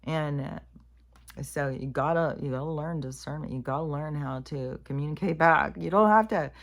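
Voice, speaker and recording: A woman with an unusually deep voice talks straight to her viewers in a casual spiritual vlog. Her delivery is blunt and rambling, full of swearing, and she calls herself raunchy. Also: fairly even intonation, moderate pace. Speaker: spiritual vlogger. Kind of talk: casual spiritual monologue to camera.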